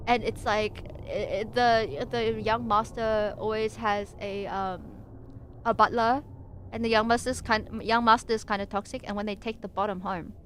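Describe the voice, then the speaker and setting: A woman's voice: on the high side, fairly bright tone, a little hiss or hum. Giggly young woman streamer, rambling. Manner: rambling, giggly, lots of fillers and restarts. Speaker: VTuber streamer. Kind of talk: casual livestream chat and reading.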